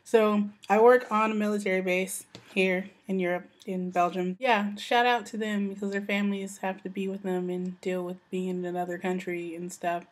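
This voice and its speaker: A woman's voice: medium pitch, little pitch movement, normal speed, few pauses. An American woman, a young adult, chatting casually in a vlog and saying "like" and "you know" a lot. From United States. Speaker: vlogger.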